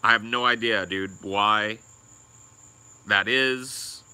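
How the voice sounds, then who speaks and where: A man's voice: lowish voice, steady tone, takes it slowly, pushed and bright, clean tone. A young man co-hosting a podcast, telling a rambling, crude story and swearing a lot. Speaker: podcast co-host.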